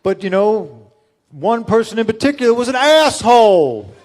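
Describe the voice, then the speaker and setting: A man doing an impression of a gruff older male wrestling coach who lectures and calls people out, in a loud, higher voice. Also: very animated, moderate pace. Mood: lecturing.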